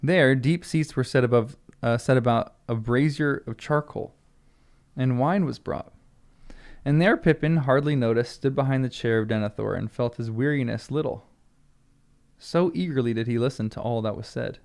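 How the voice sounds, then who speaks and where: With a medium-pitched voice touched by vocal fry, an American man reads a fantasy novel at normal speed for his channel. He's chatty, laughing frequently and musing aloud as he stops for casual commentary during the read-along.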